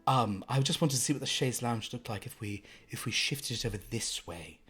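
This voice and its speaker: A woman's voice: extremely low pitch, expressive, fairly quick, a bit bright, slightly rough, exaggerated voice. A man voicing a fussy, wealthy woman, breathless and fluttery, stammering and gushing endearments. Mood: fussing.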